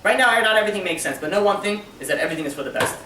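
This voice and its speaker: Fast talking rabbi guy telling a story, roomy echo, noisy background. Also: high-pitched. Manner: animated, acts out characters in a story. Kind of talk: storytelling Torah class. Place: community center classroom. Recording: echoey room, distant mic, background noise.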